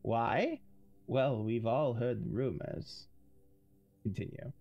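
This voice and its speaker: A man's voice: mid-range voice, lively intonation, takes it slowly, darkish tone. A man streaming a video game, chatty and self-amused as he reads in-game messages aloud. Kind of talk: casual livestream reading aloud.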